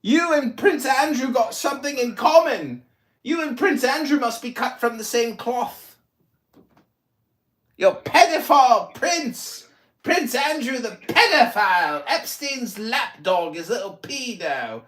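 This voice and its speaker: Loud taunting man in his forties. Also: extremely high pitch, expressive, measured pace, echoey room. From United States. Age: 40s. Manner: taunting, insulting, loud roasting. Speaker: podcast host and political candidate. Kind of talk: heated online audio-room argument.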